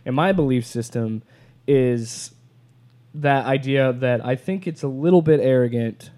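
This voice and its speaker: Man, podcast host, casual chat, hesitant, warm dark tone. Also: medium pitch, unhurried. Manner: hesitant, restarts, reads quotes aloud.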